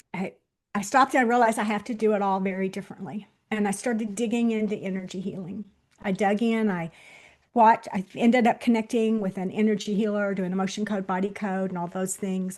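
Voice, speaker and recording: A woman in her sixties, a guest on the show, telling a personal story straight to viewers, swinging between loud bursts and hushed moments. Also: medium pitch. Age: 60s. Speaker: interview guest.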